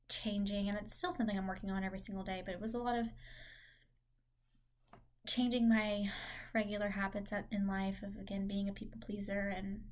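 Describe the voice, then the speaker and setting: A young woman giving a casual vlog update, rambling and correcting herself as she goes, laughing at her own slips. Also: mid-range voice. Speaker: vlogger and teacher. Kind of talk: casual chat.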